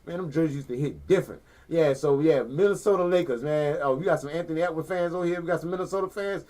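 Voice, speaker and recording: A man hosting a sports podcast from a living room, talking casually in an animated, slangy, rambling way and repeating himself. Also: a little high, quick pace, few pauses. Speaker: podcast host.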